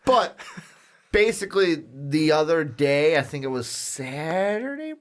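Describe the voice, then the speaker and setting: A man hosting a casual podcast chat, excitable and rambling with lots of fillers. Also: a little high, unhurried. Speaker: podcast host.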